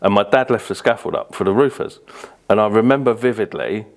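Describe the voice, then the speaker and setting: Fast-talking low-voiced British man. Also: gravelly. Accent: British English. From Birmingham, England. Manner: rambling anecdotes, frequent fillers and casual swearing. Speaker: podcast guest. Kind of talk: casual interview storytelling.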